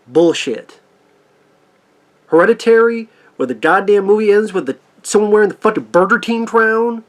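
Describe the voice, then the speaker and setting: A man tears into a film in a foul-mouthed, sarcastic rant. His voice sits slightly high for a man. He swings between mocking quotes and blunt complaints. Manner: angry, profane, sarcastic ranting. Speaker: movie reviewer. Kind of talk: profane rant review.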